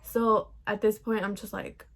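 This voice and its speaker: A woman's voice: mid-range voice, little pitch movement, unhurried. A young adult woman telling a casual, profane storytime vlog, peppered with "like". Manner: chatty, profane, heavy use of "like". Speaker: vlogger.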